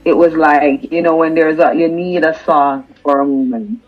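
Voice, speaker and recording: A woman's voice: deep voice, normal speed, highs cut off, faint music behind. A Jamaican woman, a singer-songwriter, talking earnestly and emphatically in a casual interview, often repeating words as she builds a point.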